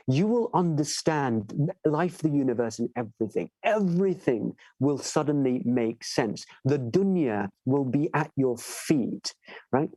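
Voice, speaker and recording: A man giving a sermon, telling stories with animated delivery and asking listeners "right?" as he goes. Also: a little high, dry recording, poor audio. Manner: animated storyteller, acts out voices in tales. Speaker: shaykh giving a majlis lecture. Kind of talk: sermon with storytelling.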